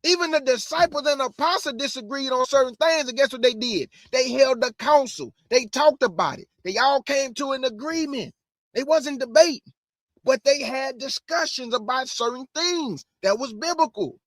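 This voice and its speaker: An online Bible teacher preaches over a livestream at a fast clip, conversational and emphatic, circling back to repeat phrases. The man's voice is high and fairly bright, and the close mic picks up a dry sound without room ambience.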